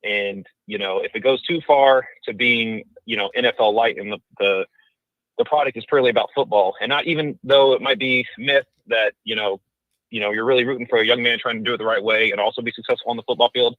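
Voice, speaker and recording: A man's voice: mid-range voice, steady tone, fast, no room sound. A man calling into a show by phone, rambling through his point with many fillers. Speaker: caller. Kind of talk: casual chat. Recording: tinny, dry phone line.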